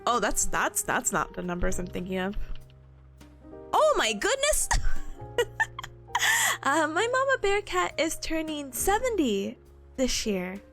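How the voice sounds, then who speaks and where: A woman's voice: high-pitched, huge pitch swings, measured pace, fairly bright tone. A young adult woman streaming and chatting casually with her viewers, rambling and laughing often between emotional asides. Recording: faint music behind the voice.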